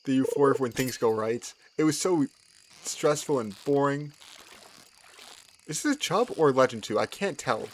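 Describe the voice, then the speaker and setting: Young male streamer, excitable and lively in pitch, repeats lines, laughs a lot. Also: normal speed, long pauses, slight background noise. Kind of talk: casual gameplay commentary.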